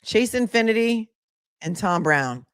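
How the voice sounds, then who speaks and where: A woman's voice: mid-range voice, expressive, a little slow, a bit bright, clean tone, dry recording. Lady lawyer doing live chat commentary, sassy and gabby, laughs a lot, totally dry close sound. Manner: chatty and sassy, laughs often, calls viewers honey. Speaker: attorney hosting trial commentary stream.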